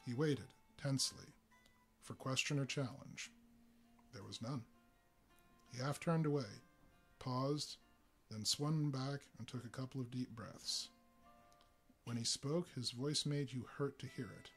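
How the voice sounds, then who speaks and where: A man reading a story aloud live, in an unhurried storytelling manner with frequent fillers. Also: mid-range voice, a bit bright, faint music behind. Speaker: narrator.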